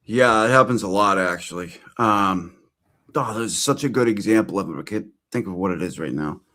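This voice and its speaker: A woman's voice: rumbling low, normal speed. A woman guest in a casual chat, joking and sometimes losing her train of thought. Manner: relaxed, joking, trails off mid-thought. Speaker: guest co-host.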